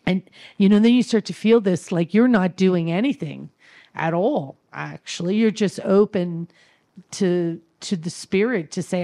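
A woman's voice: fairly low pitch, normal speed, warm tone. Earnest woman sharing her faith. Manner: rambling, full of "you know" fillers; earnest and tender. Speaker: speaker sharing at a spiritual gathering. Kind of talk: heartfelt spiritual sharing.

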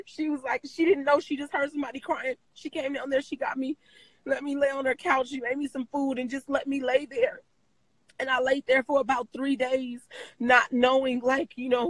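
A woman's voice: sits high, level tone, normal speed, no room sound, rough recording. A woman guest in an interview, telling a personal story with emotion, repeating phrases and using many fillers, crying at times.

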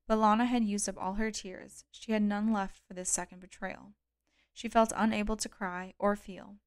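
Lady reading a novel out loud, smooth clear voice, dead dry sound, steady and calm. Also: medium pitch, no room sound. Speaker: audiobook reader. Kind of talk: audiobook narration.

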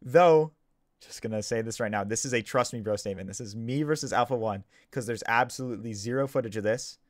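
Low-voiced man, dry close mic. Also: fast talker, dry recording. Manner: defensive, repeats himself, stammers and restarts. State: just woken up. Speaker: gaming YouTuber. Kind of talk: casual commentary.

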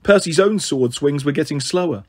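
A man reading a novel aloud as a narrator, in a steady, even storytelling manner. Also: fairly high pitch, normal speed, husky. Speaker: audiobook narrator.

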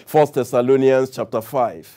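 A man's voice: medium pitch, moderate pace. A man preaching a sermon, calling on the congregation to answer and repeat after him. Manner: animated preaching with audience call-and-response.

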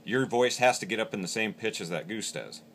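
A man's voice: lowish voice, expressive, fairly quick, a bit bright, slight background noise. A man teaching how to use a game call, explaining each step plainly. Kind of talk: hands-on instructional demo.

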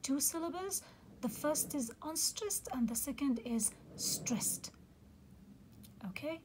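Woman teacher talking soft n half whispery, patient, says okay a lot, slightly high voice. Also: lively intonation, slight background noise, poor audio. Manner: patient and explanatory, fills pauses with "okay" and "uh". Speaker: literature teacher. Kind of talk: recorded lecture on poetic meter.

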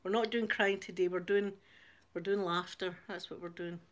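A woman's voice: on the low side, steady tone, moderate pace. Glaswegian accent, middle-aged woman, casual live-stream chatter, giggly, laughs often. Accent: Glaswegian Scottish. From Glasgow, Scotland. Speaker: channel host reading viewer comments.

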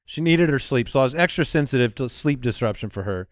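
A man's voice: medium pitch, fast, no echo, studio quality. A man in his thirties co-hosting a comedy podcast, telling stories in casual chat with jokey asides. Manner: animated storyteller, jokey asides.

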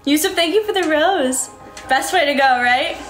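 A woman with a high, light voice chats on a live stream. She sounds breezy and upbeat as she thanks viewers one by one. The audio is roomy and echoey, with soft music underneath. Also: moderate pace. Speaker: livestreamer. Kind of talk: casual live-stream chat reading out viewer comments. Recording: echoey room.

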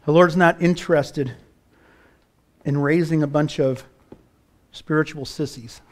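Middle-aged male pastor, slightly high voice, fervent preaching with rhetorical questions. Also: fairly even intonation, measured pace. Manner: preaching with rising fervor, rhetorical questions to the congregation. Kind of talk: sermon.

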